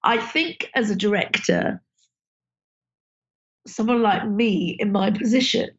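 A woman's voice: medium pitch, slow pace, slight background noise. A woman film director, talking casually and emotionally in an interview, full of "you know" fillers. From Britain. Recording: dull lo-fi sound.

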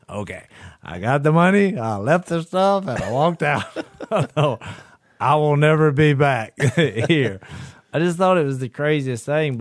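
A middle-aged man, telling a story in a folksy, animated way during casual chat. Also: mid-range voice, no echo, clean studio sound. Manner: folksy, animated, laughs through his stories. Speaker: podcast co-host.

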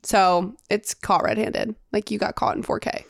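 Young woman, podcast co-host, chatty, animated, dry close-mic sound. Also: mid-range voice, normal speed, gravelly, no room sound. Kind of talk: casual chat.

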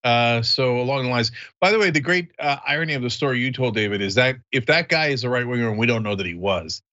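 A man's voice: mid-range voice, animated, fast talker, bright, forceful tone, dull audio. A man hosting a casual podcast chat over a remote call, chatty and laughing often as he acts out the people in his stories. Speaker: host.

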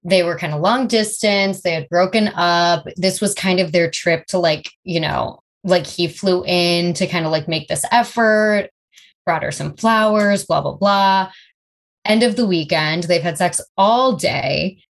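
A woman guest on a podcast, telling a story in a relaxed, chatty way with many fillers. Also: on the low side, a little slow. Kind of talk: casual chat.

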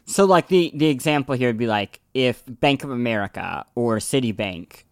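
Wry podcast host, dry close mic. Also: male voice, medium pitch, expressive, normal speed, clear, resonant tone, no room sound. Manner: wry, asks clarifying questions. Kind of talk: casual conversational podcast.

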